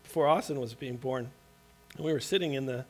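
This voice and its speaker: A man's voice: medium pitch, a little fast. A man preaching a sermon as a pastor, with an earnest, conversational manner, frequent restarts and light laughter.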